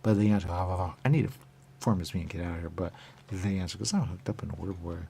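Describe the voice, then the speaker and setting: A deep-voiced radio talk host talks fast with vocal fry and a mellow tone, over a little hiss or hum. His rambling, stream-of-consciousness monologue keeps circling back to "there you go", and he drifts into whispers along the way.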